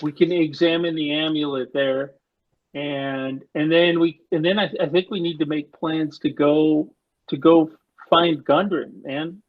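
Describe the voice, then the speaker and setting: A man's voice: on the high side, fairly even intonation, unhurried, phone-quality sound. A man playing a tabletop game who talks in a joking, hesitant way with restarts. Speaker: player. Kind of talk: casual chat at a game table.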